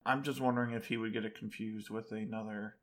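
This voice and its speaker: A woman player in a tabletop game with a strikingly low voice. She speaks in an easygoing way, with dry little asides. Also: fairly even intonation, fast talker.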